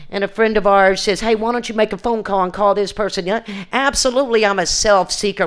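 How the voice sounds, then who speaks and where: A woman's voice: mid-range voice, smooth. An older woman giving earnest, plain-spoken personal testimony at a recovery reunion, often restarting her sentences and quoting conversations. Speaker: recovery speaker.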